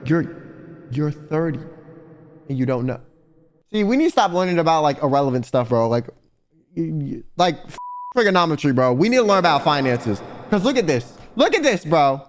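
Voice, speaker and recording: A man reacting to a video in casual commentary, excitable and mocking, full of slang. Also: on the high side, normal speed.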